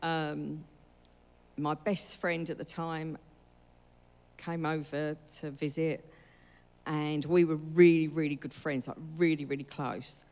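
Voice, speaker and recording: A woman's voice: deep voice, fairly even intonation, slow, pauses often, darkish tone. A woman telling her church testimony in a chatty, storytelling way, acting out the dialogue. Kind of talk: casual spoken testimony. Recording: long hall reverb.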